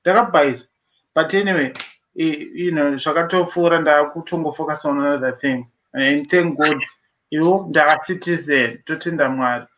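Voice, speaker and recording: Zimbabwean man, high-voiced, halting and thoughtful, muffled call line. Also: noisy background. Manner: reflective, hesitant with many fillers. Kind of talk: casual group discussion, mixing English and Shona.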